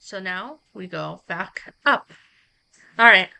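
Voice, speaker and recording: A woman streamer walking her viewers through streaming software in a relaxed, chatty live tutorial, talking into a close microphone at her home setup. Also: medium pitch, takes it slowly, creaky. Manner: relaxed, chatty explaining with asides to chat.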